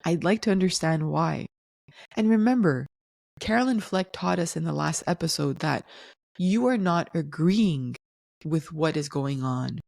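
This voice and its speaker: A woman hosting a solo podcast, explaining things in a calm, teaching tone. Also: sits low, a little slow, creaky, no room sound, studio quality. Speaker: podcast host.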